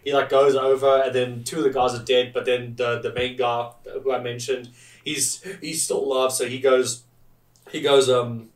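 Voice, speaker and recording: A man's voice: mid-range voice, little pitch movement, normal speed. Male podcast co-host, rambling recap style, roomy distant sound. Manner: rambling retelling with many fillers and restarts. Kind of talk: casual film review chat.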